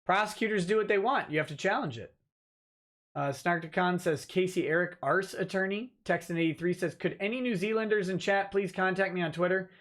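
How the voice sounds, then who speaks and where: Male lawyer host, high-pitched, casual livestream chat, dry short answers. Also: a little fast, a bit bright. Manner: dry, offhand replies to chat. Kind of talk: casual livestream chat reading viewer comments.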